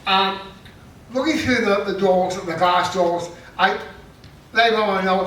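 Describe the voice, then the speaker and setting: A man's voice: high-pitched, unhurried, fairly bright tone, recorded from a distance, a little hiss or hum. A middle-aged man doing self-deprecating stand-up comedy, with punchy joke delivery and laughing at his own jokes. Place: festival stage. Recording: echoey hall, mic heard from afar.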